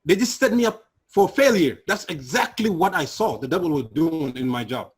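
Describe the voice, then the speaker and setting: A man's voice: lively intonation, moderate pace, breathy edge. Earnest man telling a personal testimony. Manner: earnest, emotional, drops low and quiet for hard memories. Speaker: guest sharing personal testimony.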